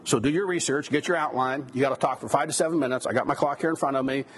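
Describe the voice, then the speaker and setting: A man's voice: mid-range voice, racing, a little hiss or hum. Man lecturing on biblical counseling. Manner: conversational teaching with asides and rhetorical questions. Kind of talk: classroom lecture.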